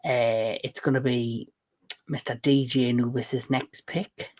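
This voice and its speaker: A man's voice: medium pitch, level tone, unhurried, darkish tone. A man hosting a casual movie review chat, jokey and talking with many restarts and self-corrections. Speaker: show host.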